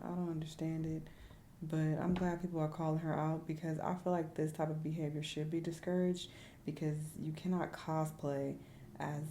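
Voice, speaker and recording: Brief: woman reaction host, very low gravelly voice, blunt and fed up, echoey room. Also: dark tone, a little hiss or hum. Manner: blunt and exasperated, talks to viewers directly. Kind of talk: casual reaction commentary.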